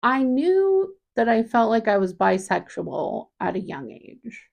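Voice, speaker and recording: A woman in her thirties talking candidly in a personal vlog, reflective and halting, often restarting her sentences. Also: medium pitch, gravelly, darkish tone, highs cut off. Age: 30s. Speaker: vlogger.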